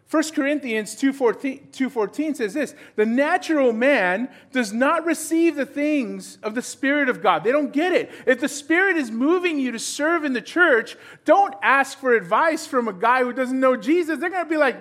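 Animated high-voiced male pastor preaching. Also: moderate pace, few pauses. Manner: animated, acts out dialogue with voices. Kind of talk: sermon.

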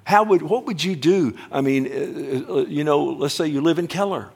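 A man preaching a sermon emphatically, often slowing down to stress words and calling out to his listeners directly. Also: fairly high pitch, gravelly, slightly rough. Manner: emphatic, swings between loud and hushed, addresses the congregation directly. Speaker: pastor.

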